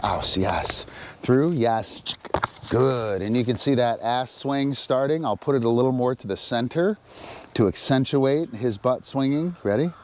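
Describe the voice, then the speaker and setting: A man demonstrating dog training on a live stream, explaining in halting, relaxed speech between short sharp cues to the dog. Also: mid-range voice, slight background noise.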